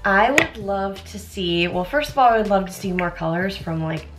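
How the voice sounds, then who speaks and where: A woman's voice: medium pitch, moderate pace. A young American woman chatting in a rambling way while doing her makeup, often interrupting herself with asides. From United States. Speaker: beauty vlogger.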